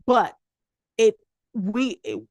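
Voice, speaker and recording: A woman's voice: a little high, drawn-out words, dry recording, muffled recording. A young woman from Detroit chats in a podcast conversation, telling her stories with energy. She acts out what other people said as she goes, and her voice comes across dry and close to the mic, with no room sound around it. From Detroit, Michigan, United States. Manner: animated storyteller who acts out quoted voices. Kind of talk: casual conversation.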